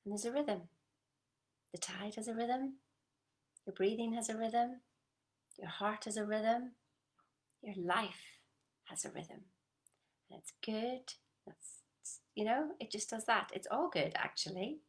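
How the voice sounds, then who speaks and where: Earnest coaching woman with soft whispers. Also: fairly high pitch, takes it slowly, pauses often. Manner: asks listeners short check-in questions. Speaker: motivational coach. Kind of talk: motivational talk on a group call.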